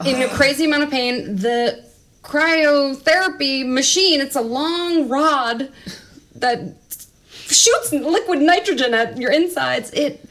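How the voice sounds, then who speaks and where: A woman in her thirties telling a personal story on a podcast, animated and laughing, swearing freely and acting out what people said. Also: high-pitched, slow pace. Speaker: storyteller guest.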